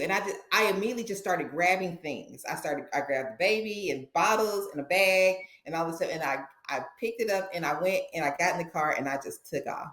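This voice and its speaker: A woman's voice: lowish voice, a little fast, hardly any pauses. A woman guest on a podcast, telling a personal story and acting out the dialogue with feeling. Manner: animated, acts out dialogue in her stories. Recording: roomy echo.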